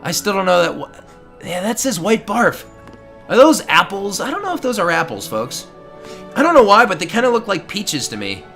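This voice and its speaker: A man's voice: high voice, big pitch swings, moderate pace, fairly bright tone, soft background music. A man giving casual, rambling gameplay commentary, amused and talking straight to his viewers. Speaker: let's play commentator.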